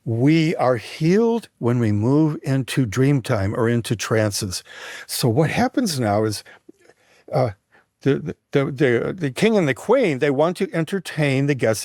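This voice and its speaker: A man guesting on a talk show, retelling an ancient myth with lively expression and frequent restarts. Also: mid-range voice, unhurried, dry recording, studio quality. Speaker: guest, mythologist and writer. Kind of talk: animated storytelling in conversation.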